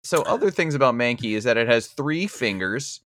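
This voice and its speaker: A man's voice: medium pitch, expressive, moderate pace, fairly bright tone. A man co-hosting a podcast, reading facts aloud and cracking wry jokes in casual chat. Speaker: podcast co-host.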